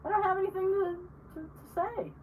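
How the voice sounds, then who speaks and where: A woman co-hosting a podcast in casual chat, telling animated stories, acting out the people she quotes and swearing freely. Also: very high-pitched, brisk, recorded from a distance, a little hiss or hum, low-quality recording. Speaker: podcast co-host.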